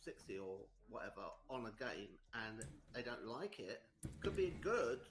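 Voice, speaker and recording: A man giving measured, explanatory commentary in a clip. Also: medium pitch, sing-song.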